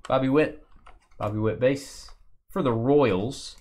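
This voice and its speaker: A man hosting a live sports card break, joking with his co-host and calling out cards with bursts of excitement. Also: medium pitch, measured pace.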